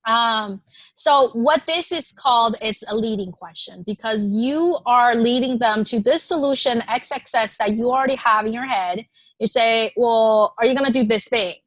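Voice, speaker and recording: A woman presenter runs an online workshop in a conversational way, reading suggestions aloud and affirming each one. Her voice sits a little high. It is recorded dry and close, with no room sound. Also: moderate pace, a bit bright, no room sound. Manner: reads participants' suggestions aloud and affirms them; conversational, with frequent fillers and restarts.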